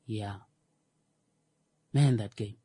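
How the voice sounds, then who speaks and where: A man's voice: lowish voice, extremely slow, mellow, slightly rough, no echo. A man, hosting a radio show and giving satirical news commentary with sarcastic, mock-indignant asides and stumbling restarts. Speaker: radio host.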